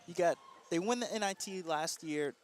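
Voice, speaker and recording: A man giving color commentary on a live basketball radio broadcast, animated and chatty, often tossing in a "right?". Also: fairly high pitch, normal speed, heavy background noise.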